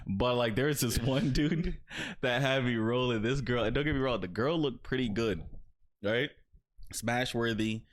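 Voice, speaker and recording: A man's voice: mid-range voice, a little slow. A young man co-hosting a podcast, telling stories in a rambling, slangy way and acting out the people in them. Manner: slangy, rambling storyteller who acts out quotes. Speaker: podcast co-host. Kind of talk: casual chat.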